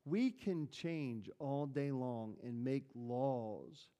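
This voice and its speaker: Chatty pastor in a reverberant hall. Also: male voice, mid-range voice, very slow, warm tone. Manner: chatty, storytelling, asks the room questions. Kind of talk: conversational sermon with congregation questions. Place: church hall.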